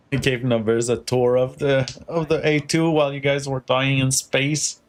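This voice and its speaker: A man's voice: mid-range voice, little pitch movement, a little slow. A man streaming a game with friends, teasing them, laughing and swearing in casual chat.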